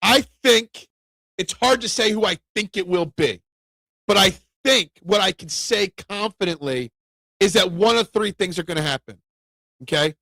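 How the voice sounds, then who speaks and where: A man hosting a casual sports talk show, opinionated and animated, raising his voice when he rants. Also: high voice, vocal fry, no room sound. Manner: opinionated, animated, gets loud when ranting.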